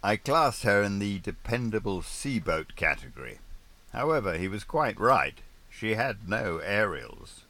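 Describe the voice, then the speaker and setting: A man with a very low voice narrates an audiobook memoir. His tone is bright and forceful, and he delivers the narration with dry, wry understatement. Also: big pitch swings, unhurried.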